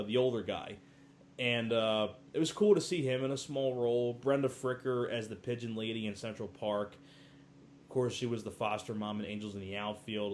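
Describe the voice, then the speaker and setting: A man's voice: lowish voice, slight background noise. A man giving a casual movie review, chatty, laughing often and acting out quotes from the film.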